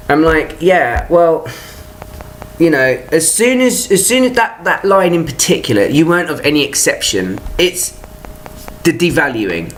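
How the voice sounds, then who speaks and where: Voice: medium pitch, sing-song, moderate pace, slight background noise. A vlogger telling a personal grievance in an exasperated, profane rant, talking in stop-start bursts and restarts. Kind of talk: ranting personal vlog.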